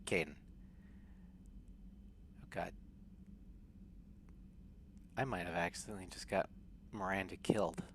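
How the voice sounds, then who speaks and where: A man's voice: low-pitched, steady tone, a little slow, pauses often, a little hiss or hum. A man streaming a video game, chatting casually and reading in-game messages aloud in a thoughtful way. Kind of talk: casual gameplay commentary. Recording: faint game music behind.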